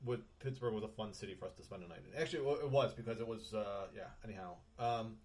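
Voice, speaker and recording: A man's voice: fairly low pitch, fast talker, a little mellow. A middle-aged man co-hosting a casual podcast, rambling with lots of ums, restarts and offhand swearing. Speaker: podcast co-host. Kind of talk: casual chat.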